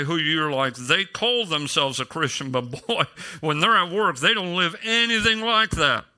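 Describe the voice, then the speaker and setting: A man's voice: sits high, bright, forceful tone. A middle-aged male pastor preaching a sermon in a casual storytelling way, with self-deprecating humor.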